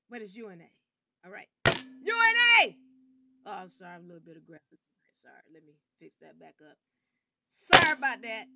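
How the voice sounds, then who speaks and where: A woman hosting an online game show livestream. She talks emphatically and sometimes bursts out loudly. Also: sits high, no echo, muffled recording. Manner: animated and emphatic, bursts into loud outbursts. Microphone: camera rig.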